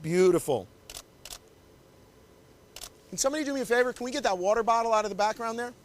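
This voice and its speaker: Very high-pitched, animated and fast-talking, the man teaches wedding photography by posing a couple live. Working in a small indoor shooting area, he keeps up upbeat, coaxing instructions the whole time.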